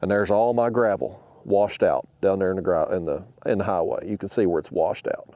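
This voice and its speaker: A man who hosts a fishing channel, telling a story to the camera in an animated, exasperated rant. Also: deep voice, brisk, no room sound, lo-fi sound.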